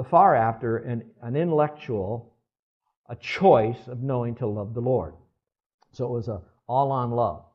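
Male pastor, 60s, chatty sermon delivery, dull lo-fi sermon recording. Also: medium pitch. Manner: conversational, asks the congregation for responses.

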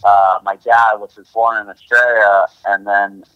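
A man's voice: fairly low pitch, little pitch movement, unhurried, clean tone, dry recording, muffled recording. A man talking as a podcast guest in a loose, rambling way, full of restarts and "you know". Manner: rambling, heavy on fillers and restarts. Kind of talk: casual interview chat.

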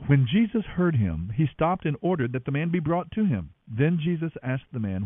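Expressive male scripture reader, phone-thin. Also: on the high side, moderate pace, few pauses. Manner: expressive, voices each speaker. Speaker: Bible reader. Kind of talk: dramatic scripture reading. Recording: dry, tinny phone-like sound.

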